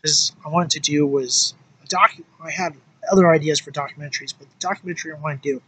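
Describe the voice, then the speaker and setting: A man's voice: on the high side, steady tone, quick pace, sharp tone, breathy edge, rough recording. A man talking casually in a vlog, ranting with lots of swearing and fillers like "you know" and "like". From United States. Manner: profane, angry rant with frequent fillers. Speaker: vlogger.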